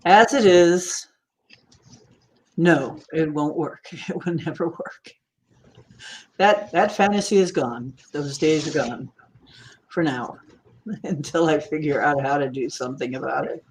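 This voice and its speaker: A woman's voice: sits low, a little slow, pauses often, a little mellow. A woman hosting a casual livestream chat, teasing and laughing often as she talks. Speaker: livestream host.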